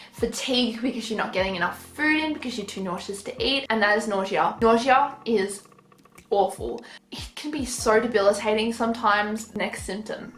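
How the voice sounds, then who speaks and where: A woman's voice: on the high side, reverberant, rough recording. Breathless, tired woman vlogging. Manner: chatty, apologetic, frank. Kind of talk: casual talk to camera.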